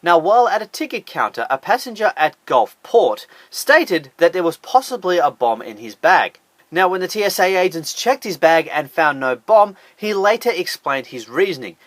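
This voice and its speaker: Animated, high-pitched sarcastic male host. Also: normal speed, dry recording. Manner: sarcastic, incredulous. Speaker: host of a top ten list channel. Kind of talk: scripted list commentary.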